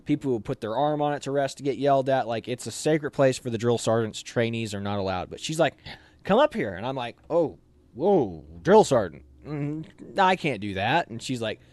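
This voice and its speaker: A young man with a mid-range voice, speaking at normal speed, casually recounts a story from his army training. As an officer candidate being interviewed, he animatedly acts out the voices of other people as he goes.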